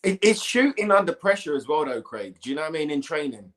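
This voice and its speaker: A man's voice: a little high, very animated, fast, a bit bright. A man giving his views as a guest in a casual football podcast chat, rambling and often checking that the others follow him. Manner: rambling, keeps asking "do you know what I mean". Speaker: pundit guest.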